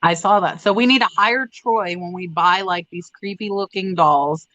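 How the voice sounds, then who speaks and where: A woman's voice: fairly low pitch, normal speed, fairly bright tone, dry recording, dull audio. A woman hosting a casual live stream, rambling chattily and reading out viewer comments. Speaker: livestream host.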